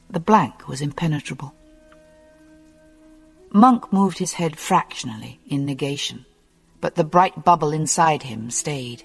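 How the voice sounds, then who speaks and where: Slow, animated mystery audiobook narrator, husky tone, long hall reverb and soft music underneath. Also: medium pitch. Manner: slow, measured and expressive reading. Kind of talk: scripted novel narration.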